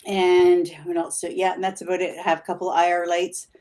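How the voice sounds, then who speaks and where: A woman's voice: lowish voice, completely flat delivery, brisk, darkish tone. Chatty woman paranormal investigator. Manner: rambling, eager, laughs often. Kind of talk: casual chat on a live stream.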